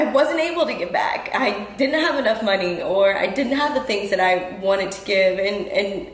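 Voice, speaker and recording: A podcast host records her own show from a home room in Houston, talking casually and earnestly to her listeners. Her voice is on the high side, she often says um and restarts sentences, and the low-quality audio is reverberant.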